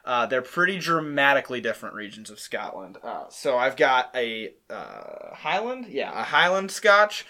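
Man, podcast host, bright voice, chatty, explains things patiently. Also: medium pitch, big pitch swings, normal speed, hardly any pauses. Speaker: podcast host teaching whiskey tasting. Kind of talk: casual podcast chat.

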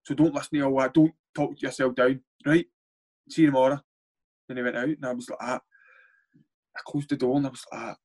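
A young Scottish man, a footballer, telling stories in casual chat, animated and swearing freely as he acts out what others said. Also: mid-range voice. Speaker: footballer guest. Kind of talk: casual storytelling.

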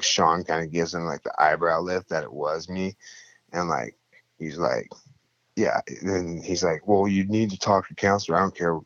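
A young man telling a story in casual, profane talk, acting out the people in it with louder, higher voices. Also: no room sound, lo-fi sound.

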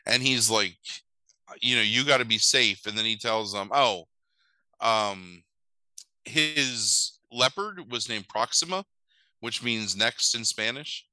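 A man's voice: on the low side, slow, pushed and bright, no echo, low-quality recording. A man casually retelling a movie plot, swearing and acting out the characters' lines in mock voices. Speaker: podcast host recapping a movie. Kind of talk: casual chat.

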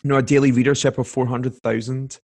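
A man's voice: medium pitch, little pitch movement, quick pace, gravelly, a little mellow. A young man, a guest telling a long personal story in a casual chat, full of fillers and acted-out quotes. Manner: chatty, filler-heavy, acts out quoted voices.

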